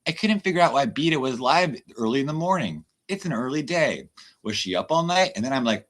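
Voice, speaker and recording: A man's voice: mid-range voice, sing-song, brisk, fairly bright tone. Guy on a live stream ranting and cussing a lot, chatty with viewers. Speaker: livestreamer. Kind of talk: livestream rant.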